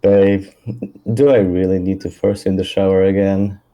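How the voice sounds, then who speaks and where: A man's voice: low voice, flat delivery, moderate pace, warm tone. A man voicing a playful, mischievous feline man in a live story reading, with a teasing manner.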